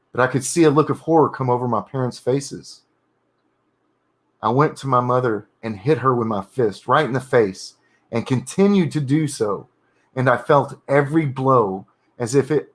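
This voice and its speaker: A man reading his own horror story draft aloud, pausing in halting bursts to correct his wording and comment on it. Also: medium pitch. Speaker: writer streaming his editing.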